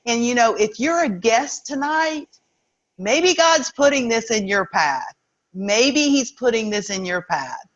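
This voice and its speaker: A woman's voice: fairly high pitch, animated, a little slow, lo-fi sound. A woman hosting a group call, effusive and upbeat, speaking of God. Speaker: event host. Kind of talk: enthusiastic hosting.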